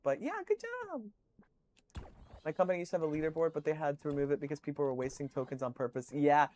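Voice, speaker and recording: A man's voice: fairly high pitch, little pitch movement, rapid-fire, a little mellow, dull audio, slight background noise. A man streaming, chatting casually with viewers, telling rambling stories full of swearing and fillers.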